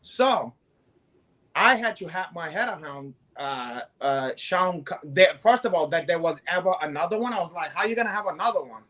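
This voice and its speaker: A man's voice: a little high, animated, moderate pace, fairly bright tone. A man co-hosting a comedic chat show, rambling and swearing constantly, and calling people "kid". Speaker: co-host.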